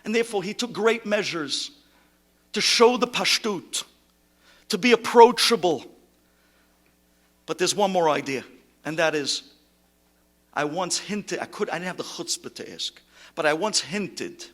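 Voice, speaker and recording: A male rabbi giving an impassioned eulogy sermon. He swings between shouting and hushed tones and sprinkles in Hebrew terms. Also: sits high, expressive, measured pace, long pauses.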